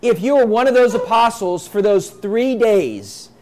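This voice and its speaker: With a high, expressive, slightly mellow voice and an unhurried pace, this man reads scripture during a sermon and explains it in plain, emphatic terms. He keeps repeating his points and performs the quoted voices, and there is slight background noise.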